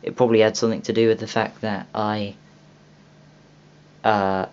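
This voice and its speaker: A man's voice: fairly low pitch, little pitch movement, moderate pace, a little mellow, smooth. A young man hosting a casual video walkthrough of a game store, rambling with many ums and restarts. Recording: dull lo-fi home recording with faint hiss.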